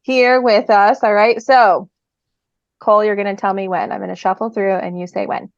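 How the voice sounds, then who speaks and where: A woman's voice: medium pitch, steady tone, moderate pace, creaky, dry recording. Brief: enthusiastic woman co-host, lo-fi dry recording. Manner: bubbly, laughing, enthusiastic. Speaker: podcast co-host. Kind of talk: casual podcast chat. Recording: dry, dull lo-fi sound.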